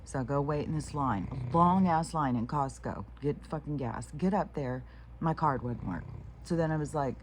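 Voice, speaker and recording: A woman vlogger talks to camera in a rambling, casual, frank monologue, swearing freely and often restarting sentences. Her voice sits low at normal speed, with a little hiss or hum in the audio.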